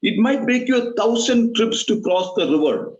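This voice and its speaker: A man's voice: very high voice, animated, normal speed, a little mellow. A man teaching meditation, explaining steps through repeated analogies. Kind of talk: explanatory talk. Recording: roomy, dull lo-fi recording.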